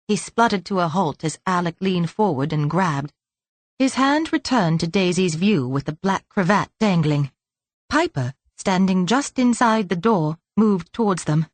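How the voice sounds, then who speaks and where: A woman's voice: fairly low pitch, lively intonation, a little slow, dry recording. A woman narrating an audiobook in a light, lilting read on a close microphone. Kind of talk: scripted narration.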